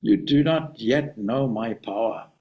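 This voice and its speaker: A man's voice: medium pitch, measured pace, a little mellow, close to an everyday voice. A man voicing a proud, short-tempered young male ascetic while reading a story aloud. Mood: indignant.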